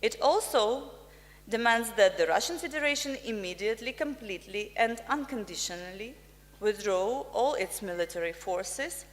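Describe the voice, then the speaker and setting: A woman from Ukraine, an ambassador giving a formal prepared speech in slow, deliberate, emphatic phrases. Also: mid-range voice, animated. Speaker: ambassador, guest speaker. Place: press club function room. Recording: reverberant hall.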